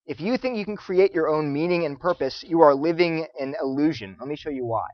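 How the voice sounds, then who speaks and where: A man lecturing students, telling stories in an animated way and acting out the voices of the people he quotes. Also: a little high, brisk, dry recording, muffled recording. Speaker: Christian apologetics speaker.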